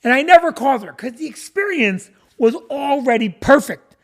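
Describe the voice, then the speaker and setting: A man's voice: very high-pitched, animated, moderate pace, fairly bright tone. A middle-aged man, a comedian telling stories to viewers on a live stream, rambling and stopping to greet people by name. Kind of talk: casual storytelling to viewers.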